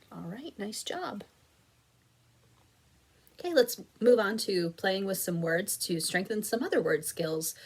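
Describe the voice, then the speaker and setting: A woman teaching an early reading lesson for young children, patient and encouraging, sounding out and stretching words carefully. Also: lowish voice. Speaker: elementary school teacher. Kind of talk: slow, clear phonics lesson video for children.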